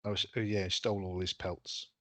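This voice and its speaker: Hesitant man, low voice. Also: little pitch movement, moderate pace, a bit bright, no echo. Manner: hesitant, thinking aloud with many ums. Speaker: player. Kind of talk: casual chat at a tabletop game.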